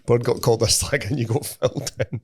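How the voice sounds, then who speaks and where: A man's voice: mid-range voice, fairly even intonation, fairly quick, husky. A man co-hosting a podcast who tells rowdy, sweary anecdotes in casual chat. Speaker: podcast co-host.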